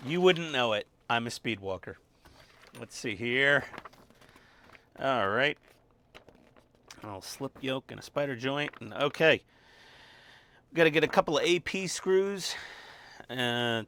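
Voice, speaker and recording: A man's voice: medium pitch, sharp tone. A man casually narrating step by step as he builds a model at his home workbench, with wry asides and muttered instructions. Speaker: hobby model-building channel host. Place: home workbench with a dog nearby.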